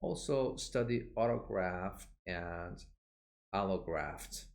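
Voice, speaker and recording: A man with a very low voice teaches medical terms in a recorded online lesson. He speaks slowly and patiently, explaining each word and saying it again so learners can copy the pronunciation. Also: gravelly. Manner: explanatory, with frequent "uh" fillers. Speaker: English vocabulary teacher.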